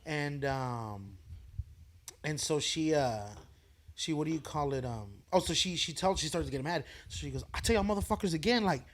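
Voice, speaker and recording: A man telling a crude story on a podcast, loud and full of laughter, acting out the people in it. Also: on the high side, normal speed. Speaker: comedian guest.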